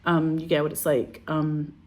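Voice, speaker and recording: A low-pitched woman in her forties, talking as a film director in an interview. She tells her stories with energy, swears casually and slips into other people's voices. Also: normal speed. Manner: animated, profane, acts out quotes. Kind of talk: candid interview storytelling.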